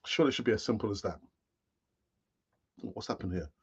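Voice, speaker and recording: A man's voice: lowish voice, fairly quick, slightly rough. A man in his late fifties hosting a live-stream fan show, rambling in a chatty way with many fillers and restarts. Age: late 50s. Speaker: football fan channel host. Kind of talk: live-stream chat commentary.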